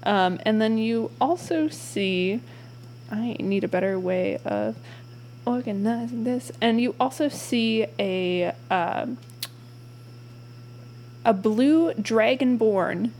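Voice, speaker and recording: A young woman running a tabletop game as game master, describing scenes casually with many fillers and pauses. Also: a little high, darkish tone, slight background noise.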